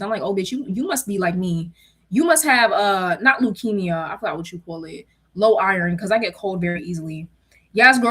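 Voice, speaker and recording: A young woman with a slightly high voice tells a story from work in candid, slangy casual chat. She is animated and laughs often, and she acts out what people said, sometimes in a shrill pleading tone.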